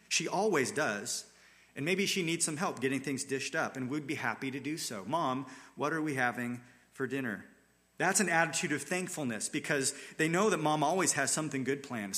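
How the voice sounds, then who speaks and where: Bright-toned man preaching a sermon. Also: fairly high pitch. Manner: earnest storytelling, dramatizes the scripture scene. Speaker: pastor.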